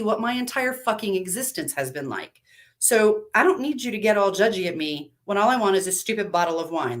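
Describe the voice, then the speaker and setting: A woman acts out a worn-out woman at her breaking point, in a live story reading. Her words come clipped and bitter, pushing louder as her patience runs out. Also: medium pitch, lightly acted. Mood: angry. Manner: clipped, bitter, rising to shouting.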